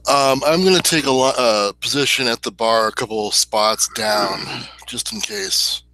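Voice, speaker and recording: Brief: a man at a tabletop game, careful and practical, sharp bright voice. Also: mid-range voice, unhurried, no room sound, low-quality recording. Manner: cautious, asks practical questions. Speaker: player. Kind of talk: casual tabletop role-play.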